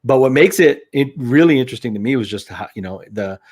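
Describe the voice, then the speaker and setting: A man's voice: medium pitch, lively intonation, fast talker, darkish tone, breathy edge. A young man co-hosting a movie review show, talking casually with lots of fillers, restarts and swearing.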